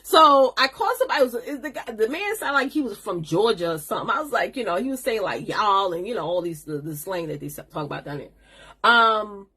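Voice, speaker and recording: Husky, chatty New woman coaching. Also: mid-range voice, expressive, fast talker, bright, forceful tone. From New York. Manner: chatty, sassy, addresses viewers as honey. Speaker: business coach hosting a live stream. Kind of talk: casual live-stream teaching.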